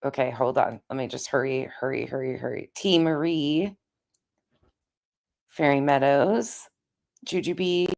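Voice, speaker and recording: A woman live-streaming in a casual, chatty way, greeting viewers by name, with a raspy voice. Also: a bass voice, a little slow, long pauses, darkish tone.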